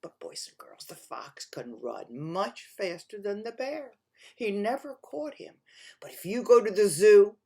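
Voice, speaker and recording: A woman storyteller telling a folktale to children, animated and talking to them directly, swinging from loud to hushed. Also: medium pitch, unhurried, breathy edge.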